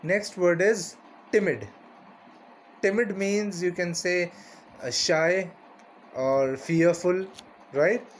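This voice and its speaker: A man's voice: sits high, slow, long pauses, slight background noise. A man teaching a vocabulary lesson, repeating each word and its meaning and often asking "right?".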